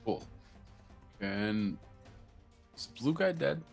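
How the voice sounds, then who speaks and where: A man's voice: lowish voice, lively intonation, drawn-out words, gravelly, a little mellow, soft background music. A man playing a tabletop game in casual chat, hesitant and repeating his words. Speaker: player.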